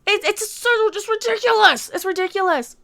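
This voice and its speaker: A woman's voice: very high-pitched, moderate pace, background noise. A woman YouTuber ranting in a commentary vlog, sarcastic and crude, often repeating herself.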